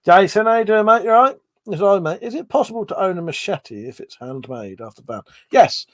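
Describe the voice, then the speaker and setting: Male streamer, casual and chatty, slightly high pitch, dry close sound. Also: expressive, fast talker, a bit bright, dry recording. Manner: chatty, reads out viewer comments, swears casually. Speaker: livestream host. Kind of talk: casual livestream chat.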